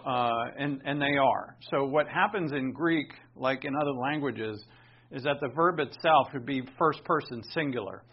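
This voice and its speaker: A man preaching a sermon, animated, swinging between emphatic bursts and quiet asides. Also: mid-range voice. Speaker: pastor. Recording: dull lo-fi sound.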